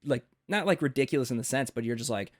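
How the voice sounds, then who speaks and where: American man, podcast host, animated, rambling, lots of fillers and restarts. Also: medium pitch, fast talker. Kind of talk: casual podcast interview.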